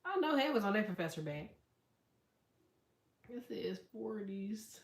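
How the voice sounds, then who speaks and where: A woman hosting a casual livestream, telling stories in a loud, profane, animated way and reading out chat comments. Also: mid-range voice, measured pace, creaky, echoey room. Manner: profane, animated storytelling with quoted voices.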